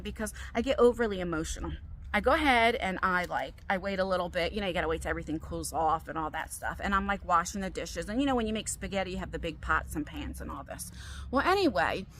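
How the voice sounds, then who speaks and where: Bright-voiced woman vlogging on a walk. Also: mid-range voice. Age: middle-aged. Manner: chatty, animated, quotes people in raised voices. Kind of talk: casual storytelling vlog while walking. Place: outdoors on a walk. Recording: faint outdoor background noise.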